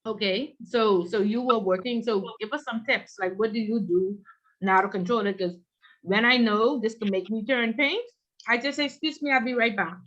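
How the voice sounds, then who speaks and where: A woman instructor leading an online class, telling a workplace story in an animated way. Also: mid-range voice, moderate pace, dull audio. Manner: animated, acts out quoted voices.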